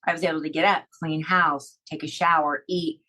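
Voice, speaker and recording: Heartfelt, rambling woman with a lowish voice. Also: steady tone, normal speed, pushed and bright, poor audio. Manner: heartfelt, rambling, many fillers and restarts. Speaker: guest. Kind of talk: emotional personal storytelling in a podcast interview.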